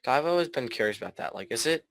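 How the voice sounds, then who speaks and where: A man's voice: mid-range voice, animated, fast talker, crowd noise. A teenage boy chatting casually as a podcast co-host, making blunt, wry asides. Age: teens. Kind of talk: casual chat.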